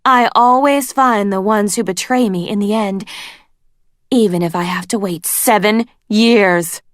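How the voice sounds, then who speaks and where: A woman's voice: mid-range voice, animated, a little slow, fairly bright tone, no room sound, clean studio sound, voice pushed up. A woman voicing a cruel, teasing female dragon queen from a storybook, mocking and drawn out. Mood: gloating. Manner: mocking, sing-song and drawn out.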